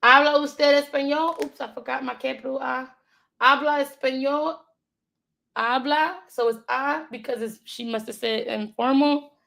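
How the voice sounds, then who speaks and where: A woman learning a language, thinking aloud and slowly repeating words to practice them. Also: sits high, fairly even intonation, gravelly, a bit bright. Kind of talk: thinking aloud while studying.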